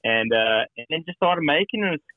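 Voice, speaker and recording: A man's voice: fairly high pitch, animated, moderate pace, no echo. A man in his late thirties with a South African accent, a company founder telling stories in a friendly, rambling way as a guest on a phone interview. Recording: dry tinny phone line.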